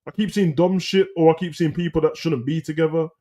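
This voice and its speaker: Co-host, man, slangy rambling talker, darker mellow tone. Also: on the high side, brisk. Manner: slangy, rambling, animated rants. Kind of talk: casual live chat.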